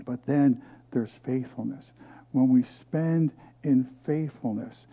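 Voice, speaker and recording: A middle-aged male pastor preaching a sermon, telling a personal story and reading scripture loudly, then dropping to hushed asides. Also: mid-range voice, slow, slightly rough, phone-quality sound.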